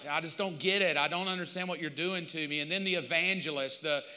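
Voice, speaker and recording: A man preaching a sermon as pastor, telling stories with lively mock quotes. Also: on the high side, a little fast, in a large hall. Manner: animated storytelling with mock quotes.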